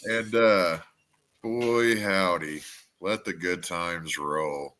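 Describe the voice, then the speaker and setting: A man's voice: deep voice, fairly even intonation, drawn-out words, pushed and bright, slight background noise. A man co-hosting a wrestling podcast, chatting casually, stammering and swearing as he rambles. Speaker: podcast co-host.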